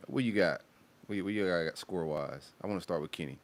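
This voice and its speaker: A man's voice: low-pitched, fast talker. A man hosting a sports podcast, talking in a laid-back, slangy way about football and nightlife. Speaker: podcast host. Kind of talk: casual sports chat.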